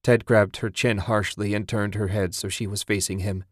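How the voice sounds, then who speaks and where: A man reading a dark short story aloud in a grave, measured way. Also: on the low side, little pitch movement, no room sound, clean studio sound. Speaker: narrator. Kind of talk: scripted dark story narration.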